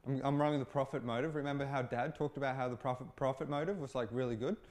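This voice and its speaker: A man's voice: mid-range voice, steady tone, quick pace, darkish tone, lightly acted. A man voicing a greedy, crude landowner who sneers and swears in casual slang. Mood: smug.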